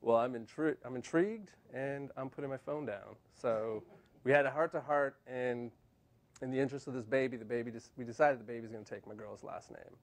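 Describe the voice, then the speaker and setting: A man in his thirties doing a stand-up comedy set on a TV studio stage, deadpan and self-mocking. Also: medium pitch, fairly quick. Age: 30s. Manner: deadpan, self-mocking punchlines with put-on quoted voices.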